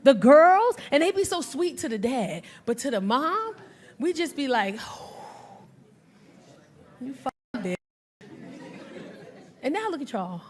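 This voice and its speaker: Brash woman comedian, lively high voice. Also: normal speed. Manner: brash, crowd work, acts out voices. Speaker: stand-up comedian. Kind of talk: stand-up comedy. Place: comedy club stage with audience. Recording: live club with crowd laughter.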